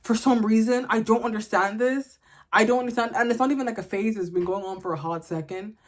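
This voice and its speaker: A woman's voice: fairly high pitch, a little fast. A woman, ranting bluntly and comically to camera in a casual vlog. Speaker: vlogger.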